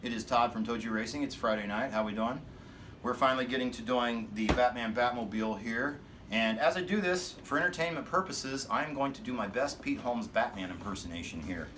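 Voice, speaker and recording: A man's voice: mid-range voice, brisk, background noise. A man hosting a casual hobby vlog about slot cars, talking in a joking, rambling, self-deprecating way. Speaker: host of a slot car channel.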